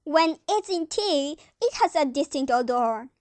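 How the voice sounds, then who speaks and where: A young woman on stage playing a calm, sweet elderly aunt in amateur acting, speaking soothingly and calling others dear. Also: high-pitched, a little slow, dry recording. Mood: placid. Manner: soothing, gentle, says dear often.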